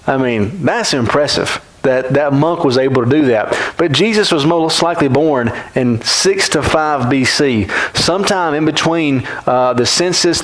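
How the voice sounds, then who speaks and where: A man's voice: mid-range voice, rough recording. A man teaching a Bible class in a church classroom, talking conversationally and often checking in with the class by asking "right?".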